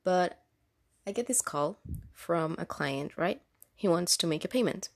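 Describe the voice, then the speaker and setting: A woman with a non-US accent recounts stories from her job taking insurance calls in a relaxed vlog. Her voice is gravelly and sits a little low, and she laughs often between restarts and fillers. She talks outdoors. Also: unhurried. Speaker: insurance call agent telling work stories. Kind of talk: casual storytelling vlog.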